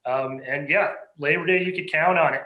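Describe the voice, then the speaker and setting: A man from the Midwestern US, a guest on a video call interview, answering in a relaxed way. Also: a little high, moderate pace, reverberant, phone-quality sound.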